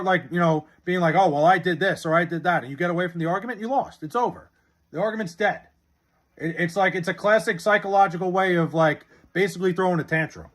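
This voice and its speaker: Husky-voiced man ranting on a live stream. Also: high voice, fairly bright tone. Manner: rambling and profane, argues sports opinions. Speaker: live streamer reading chat. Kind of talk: casual live-stream chat.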